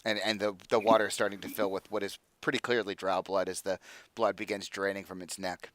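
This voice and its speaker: A man's voice: low voice, little pitch movement, brisk, fairly bright tone, no echo. A man narrating as dungeon master of a tabletop game, talking loosely with many fillers.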